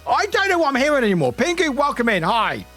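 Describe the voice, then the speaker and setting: Playing a game on stream, an excitable British man talks fast and casually, laughing often, cursing and breaking into high-pitched yells. Faint music can be heard behind him.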